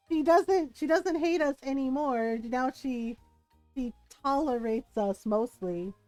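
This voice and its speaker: A woman's voice: high voice, slow, darkish tone, no room sound, faint music behind. A woman streaming a video game, chatting casually and rambling with frequent giggles. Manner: giggly, laughs often between rambling remarks. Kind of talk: casual chat while playing a video game.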